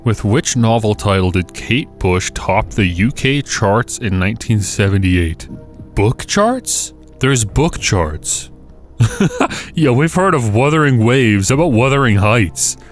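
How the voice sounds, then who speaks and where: A man's voice: lowish voice, lively intonation, takes it slowly, soft background music. Sarcastic man commenting on a quiz game. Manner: sarcastic, exasperated, jokey. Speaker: gaming YouTuber. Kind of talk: casual gameplay commentary.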